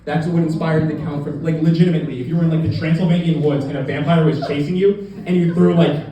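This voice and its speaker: A man's voice: on the high side, fairly even intonation, fast talker, mellow. A man doing a live stand-up comedy set, goofy and rambling, with many restarts and self-deprecating asides. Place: comedy club stage with live audience. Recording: echoey club from far off with audience. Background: crowd laughter.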